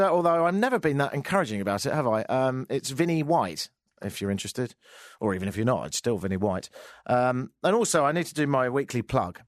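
Man, radio host, wry rambling chat, lively swooping pitch, dry close sound. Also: no room sound. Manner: wry, rambling, mutters asides. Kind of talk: casual news chat.

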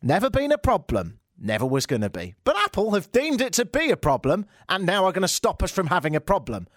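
A man's voice: high-pitched, huge pitch swings, fairly quick, no echo, clean studio sound. Sarcastic man ranting. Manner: sarcastic, mocking, jumps into silly put-on voices. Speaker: comedy show host. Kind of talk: comedic rant on tech news.

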